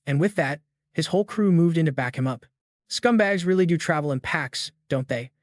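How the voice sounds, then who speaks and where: Man, story recap narration, slang-heavy, jokey asides, slightly high, dry. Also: moderate pace, no echo.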